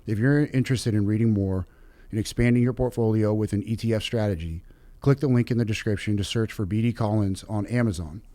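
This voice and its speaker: A lower-voiced man hosts a podcast interview, chatty and quick to laugh. The sound is dry and close, with no room around it. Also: no room sound. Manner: energetic, laughs often, chatty. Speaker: podcast host.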